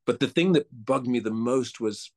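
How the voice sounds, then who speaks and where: Male guest, gravelly, mid-pitched, mixed part-Australian accent, animated and stammering. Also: moderate pace. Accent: mixed, partly Australian. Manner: animated, stammering restarts, laughs and mimics voices. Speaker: actor and guest. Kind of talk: casual interview chat.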